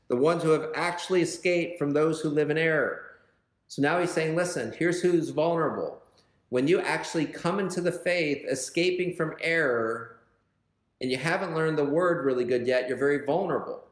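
A man's voice: a little high, normal speed, roomy sound. A male pastor teaching a verse-by-verse sermon in a conversational way, retelling scripture in everyday words.

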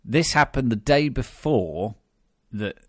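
A man's voice: medium pitch, lively intonation, slow pace, no room sound, clean studio sound. A British man hosting a podcast, chatting wryly with many fillers and restarts. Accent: British English. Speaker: podcast host. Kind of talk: casual podcast chat.

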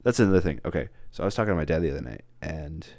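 A man's voice: very deep voice, lively intonation, very fast, darkish tone, no room sound. A young man vlogging alone, joking and rambling off on tangents as he acts out mock interviews. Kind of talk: casual rambling monologue.

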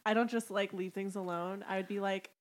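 A woman's voice: medium pitch, steady tone, brisk. A young woman co-hosting a casual podcast chat, telling stories in a blunt, sassy way. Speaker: podcast co-host.

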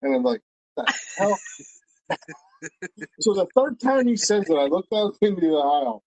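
A man's voice: high voice, sing-song, moderate pace, gravelly, a little mellow, dry recording, poor audio. A middle-aged man telling rambling stories in casual chat, stammering through restarts and swearing freely.

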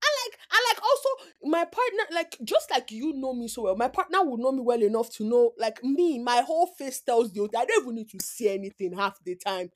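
Lively Nigerian woman, teasing and loud. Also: a little high. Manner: animated and teasing, quick to scold her friend. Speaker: podcast co-host. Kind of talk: casual chat.

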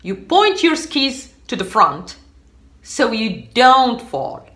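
A woman's voice: fairly high pitch, sing-song, slow, a bit bright, exaggerated voice. A woman voicing her encouraging male friend who teaches her to ski, in a reassuring, coaxing way. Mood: explaining.

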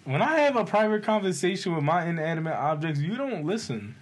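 A man's voice: fairly high pitch, big pitch swings, a little fast. A young man chatting as a podcast guest, joking and slangy, sometimes slipping into a whisper. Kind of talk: casual chat.

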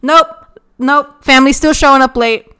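A young woman chatting casually as a co-host, telling animated stories, laughing often and swearing freely. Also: high-pitched, normal speed. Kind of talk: casual chat.

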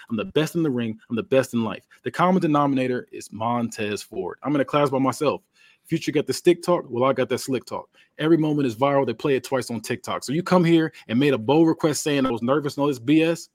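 A man's voice: mid-range voice, a little mellow, no echo, studio quality, natural voice. A man cutting a promo as a cocky wrestling champ. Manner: cocky, boastful trash talk. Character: brash trash-talking male wrestling champion.

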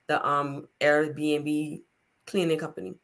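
A woman's voice: sits low, fairly even intonation, slow. A woman hosting a podcast, talking casually and emphatically in a motivational, chatty way. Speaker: podcast host.

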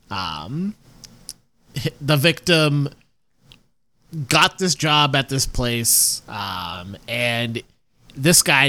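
A man co-hosting a casual podcast, recapping a TV plot haltingly, with lots of fillers and restarts. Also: mid-range voice, fairly bright tone. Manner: halting, loses his thread, lots of fillers.

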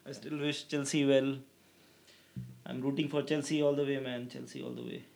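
A young man chatting casually about football as a co-host, opinionated and laughing easily. His pitch sits in the ordinary middle range for a man. He talks in a loose, conversational way. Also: level tone, normal speed, gravelly, darkish tone.

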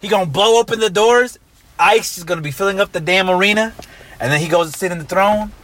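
A man's voice: sits high, fast, a bit bright. A man co-hosting a casual gaming podcast, brash, profane and joking. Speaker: podcast co-host. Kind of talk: casual chat. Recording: noisy mic.

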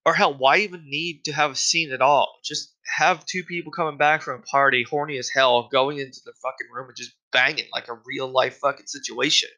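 A man's voice: mid-range voice, fairly even intonation, brisk, hardly any pauses, bright, forceful tone, rough recording. A man delivering a casual, profane solo rant, exasperated and full of fillers.

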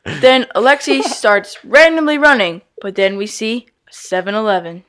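Clear-voiced man recapping an episode. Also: high-pitched, moderate pace. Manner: plain, steady recapping. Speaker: podcast co-host. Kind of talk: casual podcast recap.

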